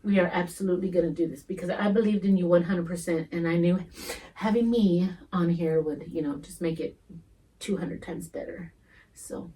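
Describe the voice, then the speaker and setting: A middle-aged woman co-hosting a podcast, chatting casually in a warm, emphatic way. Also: lowish voice, normal speed, recorded from a distance, rough recording. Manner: warm, emphatic, laughs easily. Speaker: podcast co-host. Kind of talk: casual chat.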